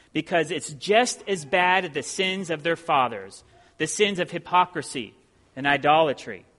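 A middle-aged man preaches a sermon in an earnest, emphatic way. His voice sits a little on the high side, and it climbs when he stresses a point. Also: a bit bright. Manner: earnest preaching, rising emphasis on key phrases. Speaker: pastor.

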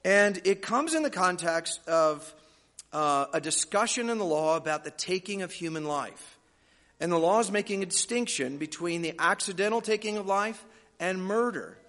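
A man's voice: sits high, lively intonation, normal speed, a bit bright. A male pastor preaching a sermon, explaining scripture with folksy joking asides to the congregation. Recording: long hall reverb.

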